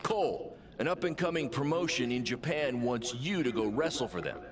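A man voicing an upbeat, scheming wrestling manager who talks in a brisk, salesy, joking way. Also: mid-range voice, expressive, natural voice. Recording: game audio over loud crowd.

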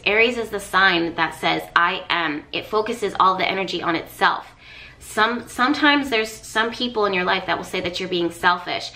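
Bright-voiced woman giving an astrology reading. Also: mid-range voice. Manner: earnest, coaching, repeats phrases for emphasis. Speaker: astrologer and tarot reader. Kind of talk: casual spoken astrology reading.

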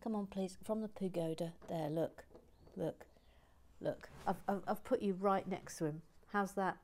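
A woman hosting a relaxed live Lego build, reading chat aloud with dry humour and murmuring asides while she works. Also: medium pitch, a little slow, a little hiss or hum.

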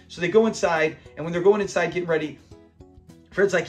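A man's voice: fairly high pitch, steady tone, fast talker, faint music behind. A young man hosting a classic TV channel, casually and enthusiastically recapping an episode, retelling scenes and laughing along.

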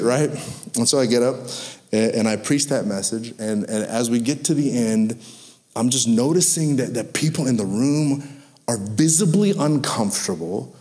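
A man preaching a sermon, telling stories with lively acted-out quotes. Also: mid-range voice, moderate pace. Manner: animated storytelling with acted-out quotes. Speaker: pastor.

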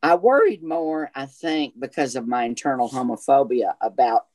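A man with a Southern US accent and what he calls a gay voice, telling stories in a chatty, animated way as an actor guest in an interview. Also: medium pitch, normal speed. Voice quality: self-described gay voice. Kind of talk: casual interview chat.

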